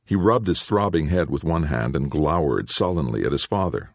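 A man narrating an audiobook in an expressive storytelling manner. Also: extremely low pitch, normal speed, vocal fry, dry recording, clean studio sound. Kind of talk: scripted narration.

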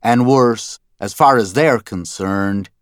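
Low-voiced man with wry narration. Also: takes it slowly, clean tone, no echo, studio quality. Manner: wry, dryly humorous storytelling. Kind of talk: scripted first-person narration.

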